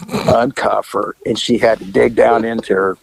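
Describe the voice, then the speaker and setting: A man's voice: on the low side, steady tone, normal speed, vocal fry, a little hiss or hum. An older man, a former detective, telling rambling, profane anecdotes in casual chat. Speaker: retired detective telling stories. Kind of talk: casual storytelling.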